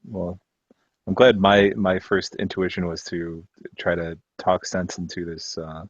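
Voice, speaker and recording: A man's voice: low-pitched, flat delivery, unhurried, no room sound. A man telling a personal story in casual chat, hesitant, with many restarts and offhand swearing. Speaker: discussion participant. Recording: dull, muffled mic.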